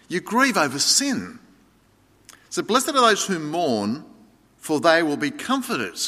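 A man's voice: on the high side, bright, forceful tone. A man preaching a sermon with passion, at times rising into a pleading prayer. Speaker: pastor. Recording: long reverb of a large hall.

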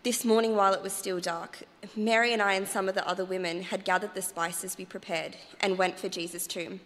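A woman's voice: medium pitch, fairly even intonation, brisk, fairly bright tone, close to an everyday voice. A lady reading as a woman disciple, earnest and emotional, echoey church sound. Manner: earnest, emotional first-person telling. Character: grieving then joyful woman disciple, earnest. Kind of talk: dramatic monologue reading in church. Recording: church hall reverb.

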